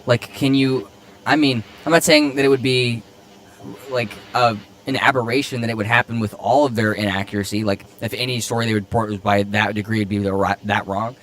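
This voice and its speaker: A man's voice: medium pitch, brisk, fairly bright tone, no echo. A man hosting a casual political chat, conversational and agreeable. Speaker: podcast host.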